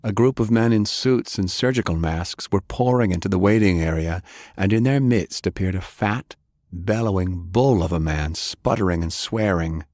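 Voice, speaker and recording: Brief: audiobook narrator, male, measured, very low voice, dry close sound. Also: a little mellow, no room sound.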